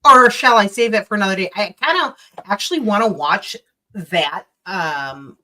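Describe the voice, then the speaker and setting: A woman with a Minnesota accent hosts a relaxed livestream from home. She jokes, laughs and swears freely in an easy, mid-pitched voice. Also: normal speed. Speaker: livestream host. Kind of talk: casual late-night chat.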